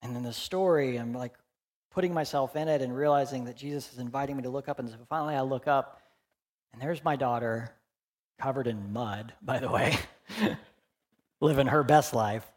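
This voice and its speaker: A man in his forties, a pastor preaching a candid, conversational sermon that swings between loud emphasis and hushed, quiet moments. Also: mid-range voice, moderate pace. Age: 40s.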